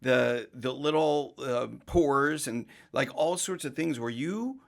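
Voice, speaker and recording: A man with a gravelly, fry-edged voice, talking on a casual podcast. He speaks at a mid pitch and explains his views emphatically, in long, winding stretches of talk. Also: slow pace. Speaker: mortgage professional guest.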